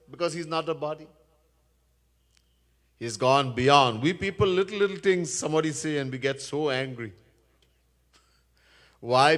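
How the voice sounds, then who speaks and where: A man with a fairly high, fairly bright voice preaches as a swami, earnestly relating a scripture story and chanting verses in sermon storytelling. The recording carries the echo of a Hindu temple hall.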